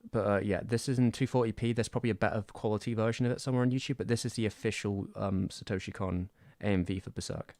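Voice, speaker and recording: A man's voice: on the low side, steady tone, quick pace, few pauses, a little mellow, dry recording. A young English man from the Southwest with a West Country accent, rambling and self-deprecating in casual livestream chat on a close mic. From Southwest England. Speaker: streamer.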